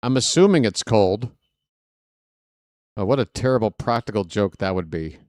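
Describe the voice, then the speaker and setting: A man doing live play-by-play of a baseball game for viewers, chatty and joking with the chat between pitches. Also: expressive, moderate pace, darkish tone, dry recording, studio quality. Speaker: fan play-by-play announcer.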